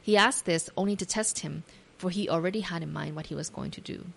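Lower-pitched woman retelling a Bible story. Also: brisk, creaky, a little hiss or hum. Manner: imaginative retelling with gentle asides; reads scripture aloud. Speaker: devotional speaker.

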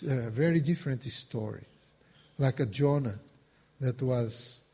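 Slow, mellow-voiced man preaching in a hall. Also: medium pitch, husky. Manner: emphatic, repetitive preaching with rising bursts. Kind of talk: sermon. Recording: reverberant hall.

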